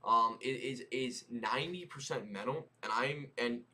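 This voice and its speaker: A young man talks through trades on a live stream in a casual, slangy voice. He repeats phrases and keeps asking "right?" as he explains. His pitch is average for a man. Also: normal speed, pushed and bright. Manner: loose, slangy, repeats phrases, says "right?" and "boom" a lot. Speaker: day-trading streamer. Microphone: headset mic.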